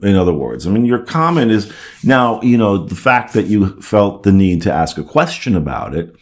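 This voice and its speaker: A man's voice: on the low side, sing-song, normal speed. A man hosting a casual coaching talk answering viewer comments. He speaks reassuringly, often checks in with "okay?", and acts out anxious inner chatter. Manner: reassuring, repeats "okay?" and "you see".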